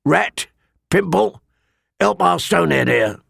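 A man voicing a cruel, mocking master-at-arms with a sharp, cold voice in an audiobook. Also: a little high, lively intonation, slow, gravelly, husky, dry recording, clean studio sound, voice pushed up, full character voice. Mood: sneering. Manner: taunting, sneering. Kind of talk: audiobook character voice.

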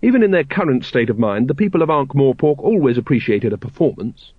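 A male narrator reading a novel aloud with an expressive, character-driven delivery. His pitch moves animatedly from line to line. The recording is dry and slightly dull. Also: a little fast, breathy edge, no echo. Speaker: audiobook narrator. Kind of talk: scripted narration.

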